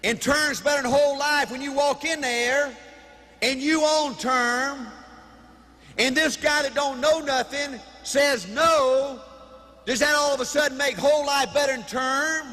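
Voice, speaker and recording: A man giving a live motivational speech in an animated, folksy way, with punchy repetition and shouting. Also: very high voice, unhurried, faint music behind. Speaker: motivational speaker. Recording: reverberant hall, faint noise.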